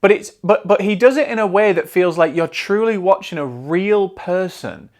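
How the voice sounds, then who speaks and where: A man's voice: sits high, animated, normal speed, few pauses. A man with a Northern English accent hosting a casual film review show, chatty and digressive, often restarting his sentences. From north of England.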